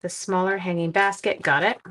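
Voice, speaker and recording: A woman's voice: fairly low pitch, flat delivery, moderate pace, a bit bright. A woman hosts a casual live crafting stream from her home. She chats freely as she works through a stamping demonstration, giggling and poking fun at herself along the way. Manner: chatty and giggly, laughing at herself.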